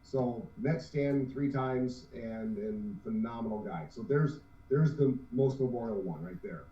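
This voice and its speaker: His voice medium-pitched and warm, the 50-something cosplay group co-owner speaks at a measured pace in a casual interview, earnest, rambling and often restarting. There's slight background noise, and the recording sounds roomy, distant, dull and lo-fi.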